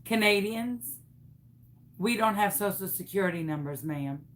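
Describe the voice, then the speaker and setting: A woman voicing a curt phone clerk who answers in a lower, flatter voice than her own and speaks firmly and matter-of-factly. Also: measured pace, lightly acted.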